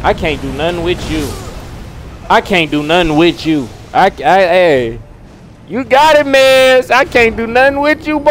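A man hosting a gaming channel, giving live gameplay commentary full of animated trash talk and loud outbursts. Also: high-pitched, measured pace, slight background noise.

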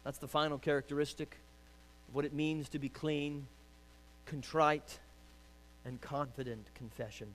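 A man preaching a sermon as pastor, urging loudly and then dropping to quiet pleading. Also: a little high, steady tone, measured pace, a little hiss or hum. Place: church sanctuary.

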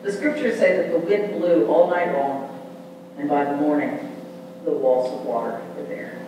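Animated preacher in echoey church hall. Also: male voice, a little high, normal speed, recorded from a distance, background noise. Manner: animated, call-and-response preaching. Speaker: pastor. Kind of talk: sermon. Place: large church sanctuary.

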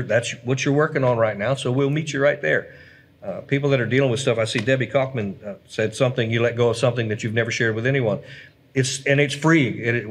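A man, a pastor, chatting earnestly on a church livestream and reading viewer comments aloud. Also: mid-range voice. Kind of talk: casual church livestream chat.

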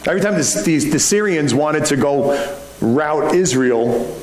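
A man's voice: on the high side, lively intonation, unhurried, a little mellow. A male pastor preaching a sermon in a conversational style, full of rhetorical questions. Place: church sanctuary. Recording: echoey room, faint background hum.

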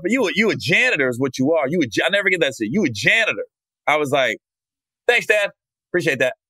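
Guy podcast host, bright tense voice, swears a lot, acts out quotes, dry sound. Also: a little high, no room sound. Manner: profane, animated, acts out quotes. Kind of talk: casual storytelling.

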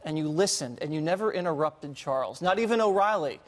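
A younger man co-hosting a panel talk show, telling stories with animated energy and laughing now and then. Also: a little high, fairly quick, big-room sound. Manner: animated storytelling, laughs while talking. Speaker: co-host.

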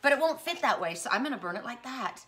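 A woman chatting excitedly as she unboxes gifts in a casual vlog, gushing over each one. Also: fairly high pitch, fast talker. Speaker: spiritual vlogger unboxing gifts.

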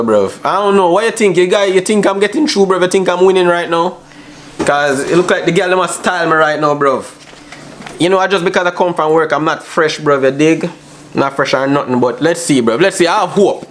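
A man's voice: a little high, a bit bright. Brash man. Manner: brash, teasing, slangy, repeats himself. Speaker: vlogger on a video chat app. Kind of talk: casual banter with strangers. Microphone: phone on a video call app. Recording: noisy phone recording.

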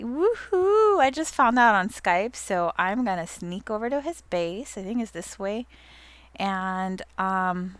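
A woman's voice: medium pitch, fairly bright tone. A young woman who hosts a gaming channel, chatting casually and giggling as she narrates her own gameplay.

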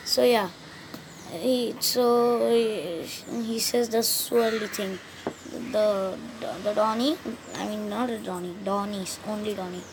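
With a medium-pitched, steady voice, this woman talks slowly over background noise. She runs a casual gaming channel, wandering through a play session and a cartoon story with many restarts, often losing track of where the story was going.

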